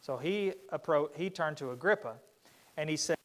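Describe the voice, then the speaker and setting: A man teaching a Bible study at church, with a voice that sits somewhat high. He talks casually and breaks off to restart his sentences. When he quotes people, he acts them out with more lift. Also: expressive, moderate pace, fairly bright tone. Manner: conversational, with frequent restarts and fillers; acts out quoted speakers in a livelier voice. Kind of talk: Bible class lesson. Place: church classroom.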